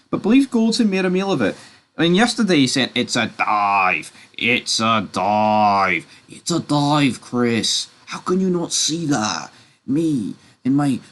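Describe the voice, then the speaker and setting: A man's voice: medium pitch, fairly bright tone. A man, ranting about football in a reaction vlog, swearing and talking in fired-up bursts. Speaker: football vlogger.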